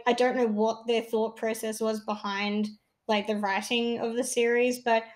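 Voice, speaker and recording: A woman co-hosting a podcast, chatting casually in a frank, questioning way. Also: fairly high pitch. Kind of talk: casual discussion.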